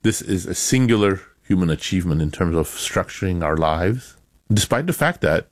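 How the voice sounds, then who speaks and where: A man, an author and academic, answering interview questions in a measured, explanatory way with bursts of emphasis. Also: deep voice, expressive, no room sound.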